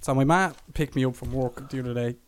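This young Irish podcast co-host talks quickly in a mid-range voice, with a bit of hiss or hum on the track. Chatting casually, he works through a long story, swearing, laughing, and mimicking the people in it by raising his voice for their lines.

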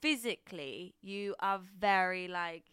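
A woman in her twenties co-hosting a podcast, excitable and rambling, laughing often. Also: lowish voice, measured pace, clear, resonant tone, dry recording, studio quality. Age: 20s. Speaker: podcast co-host. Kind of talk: casual chat.

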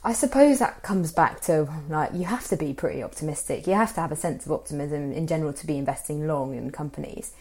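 A woman's voice: low-pitched, quick pace, hardly any pauses, darkish tone, breathy edge. A woman interviewing a guest, building her questions thoughtfully with fillers.

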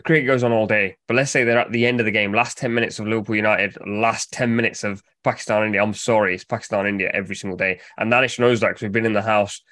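A man's voice: fairly low pitch, fast, few pauses, no room sound. Dry-voiced man hosting a podcast. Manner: steady, presenting, moves the chat along. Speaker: podcast host. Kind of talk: casual football chat.

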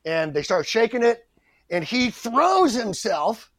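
A middle-aged man, a guest actor, telling stories on a podcast in an animated, self-deprecating way. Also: high-pitched, takes it slowly, dry recording. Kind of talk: anecdotal storytelling.

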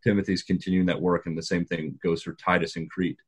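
A man's voice: low-pitched, little pitch movement, a little fast, husky. A man in a casual Bible study discussion, adding related examples from other parts of the Bible. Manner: adds cross-references, agreeable.

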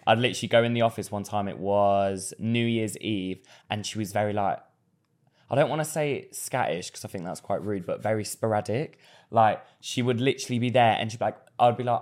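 A man co-hosting a podcast, telling gossipy stories and acting out quotes. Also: fairly low pitch. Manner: fast, animated gossipy storyteller doing quotes. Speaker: podcast co-host. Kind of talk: casual chat.

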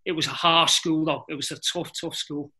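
A middle-aged man, a former footballer telling lively anecdotes in a casual interview and often laughing. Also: fairly high pitch, normal speed. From England.

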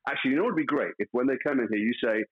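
A man's voice: medium pitch, very fast, phone-quality sound. A man, an actor guest in a casual interview, telling stories playfully with mock outrage.

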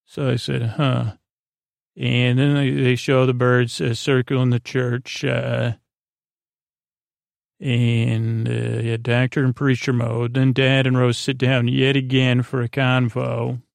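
A man's voice: mid-range voice, flat delivery, slow, creaky, no echo. A man hosting a podcast, giving a meandering, hesitant bedtime recap of a TV episode with lots of filler words. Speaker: podcast host.

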